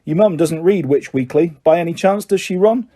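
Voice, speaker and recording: A determined, bookish schoolgirl, done by a male reader in an audiobook, pitched up and brisk. She talks insistently, with a mellow tone. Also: natural voice. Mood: subdued.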